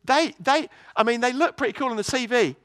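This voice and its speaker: A man preaching a sermon in a church, telling a story in a lively way with many restarts. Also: extremely high pitch, brisk, dry recording.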